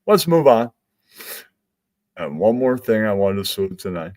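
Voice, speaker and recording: A man's voice: lowish voice, big pitch swings, moderate pace, long pauses, darkish tone. A man hosting a stream, rambling through a crude, self-amused comedic monologue. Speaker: stream host.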